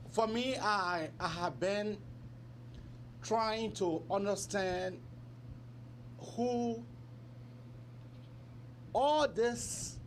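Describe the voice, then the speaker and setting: A man hosting a talk show, speaking slowly and haltingly, restarting his phrases. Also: high voice, slight background noise.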